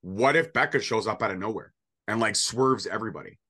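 A man's voice: on the low side, fairly quick, sharp tone, husky. A man co-hosting a casual wrestling prediction show, joking and rambling with sarcastic asides. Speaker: podcast co-host.

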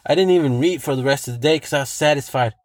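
A man's voice: mid-range voice, fast, no room sound. A man ranting on his own, swearing freely and hammering points home by repeating them. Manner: profane, emphatic, repeats himself for effect. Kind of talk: solo rant monologue.

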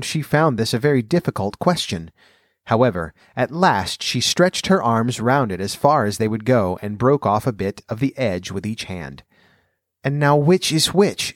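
A man narrating a storybook in a measured, gentle way. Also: on the low side, dry recording, studio quality. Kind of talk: storybook reading.

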